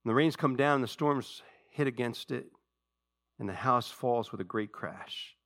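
A male pastor preaching a sermon with passion, dropping to a hush and then rising loud. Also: mid-range voice, a little slow, creaky. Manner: impassioned preaching, swinging between hushed and loud.

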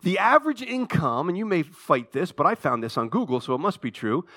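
A man preaching a sermon to his church, swinging between hushed, slow passages and emphatic, animated ones. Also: fairly high pitch. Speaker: pastor.

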